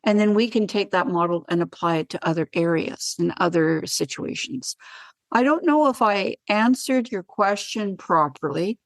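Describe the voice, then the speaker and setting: A woman talks as a guest on a wellness podcast and tells her stories with animated, acted-out dialogue. Her voice sits at a middle pitch. It is recorded dry and close, with no room sound. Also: moderate pace, no echo. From Canada. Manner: animated storyteller who acts out dialogue. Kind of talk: podcast interview.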